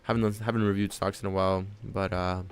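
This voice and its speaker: Sitting at his home trading desk with his dog on his lap, a man live-streams his day trading in a low, smooth voice. He talks fast and keeps his tone level, musing casually about chart levels and peppering his speech with "honestly" and "man."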